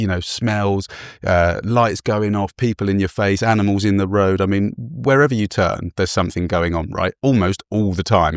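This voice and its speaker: Podcast host from England, chatty storyteller, a bit low-pitched, dry recording. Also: male voice, no echo. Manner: chatty, self-deprecating, laughs often. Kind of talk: casual storytelling chat.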